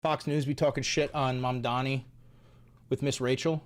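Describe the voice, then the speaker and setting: A man's voice: mid-range voice, level tone, normal speed. A young man hosting a political livestream, ranting angrily with profanity and lots of repetition. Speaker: livestream host.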